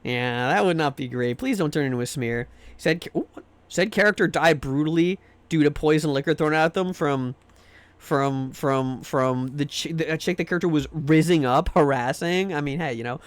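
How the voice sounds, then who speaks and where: A man's voice: a little high, moderate pace, no room sound. A man streaming a game live, chatting in a rambling, jokey and crude way. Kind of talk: casual gaming stream chat.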